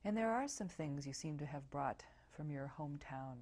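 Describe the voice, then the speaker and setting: Woman interviewer, low-pitched, gentle and encouraging, oral history session. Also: lively intonation, normal speed.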